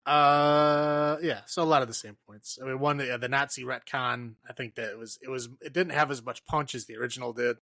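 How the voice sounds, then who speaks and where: A man's voice: mid-range voice, steady tone, fairly quick, hardly any pauses, pushed and bright, no echo. A man co-hosting a podcast, chatting loosely about a film, swearing and laughing often. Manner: loose and profane, laughs often, many "like" fillers. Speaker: podcast co-host. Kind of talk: casual movie review chat.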